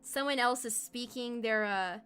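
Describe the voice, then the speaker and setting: A woman's voice: on the high side, measured pace, fairly bright tone, clear, resonant tone, faint music behind. A woman streamer chatting casually while she works, playful and rambling, often breaking into giggles. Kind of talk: casual live stream chat.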